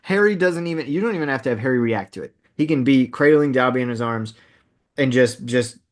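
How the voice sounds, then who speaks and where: Animated man on a casual movie podcast. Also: mid-range voice, brisk. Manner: animated, emphatic, repeats words when starting sentences. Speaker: podcast co-host.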